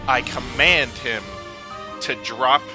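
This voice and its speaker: A man playing in a tabletop game, eager and quick to act, sometimes reading rules aloud. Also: mid-range voice, over music. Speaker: player. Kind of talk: casual tabletop game chat.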